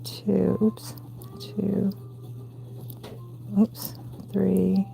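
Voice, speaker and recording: A woman in her forties with a gravelly voice and a Southern US accent, hosting a late-night crochet livestream from home and counting stitches aloud between chatty asides. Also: on the low side, measured pace, mellow. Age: 40s. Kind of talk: casual crochet tutorial chat.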